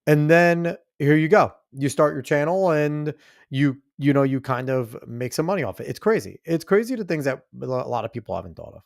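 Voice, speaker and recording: Gravelly man trailing off as he reacts. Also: on the high side, expressive, brisk, no echo, clean studio sound. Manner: profane, rambling, trails off quietly. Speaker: podcast host reacting to a video. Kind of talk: casual reaction commentary.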